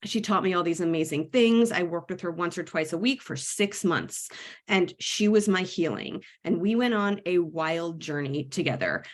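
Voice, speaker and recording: A woman's voice: fairly low pitch, normal speed. A woman in her thirties from New York, a wellness coach who tells a personal story to teach a lesson in a candid, frank way. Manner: candid and frank, speaks to viewers directly.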